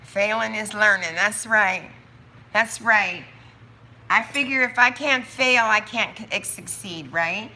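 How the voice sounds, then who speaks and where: A woman chatting on her own live stream about her soap business, thinking out loud with quick asides and laughs. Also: mid-range voice. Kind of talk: casual livestream chat.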